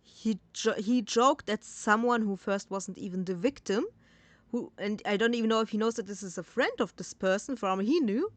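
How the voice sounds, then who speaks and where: A woman's voice: medium pitch, normal speed, dry recording. Blunt, sarcastic woman reacting late at night. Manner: blunt, sarcastic, swears freely. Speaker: reaction commentator. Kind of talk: casual reaction commentary.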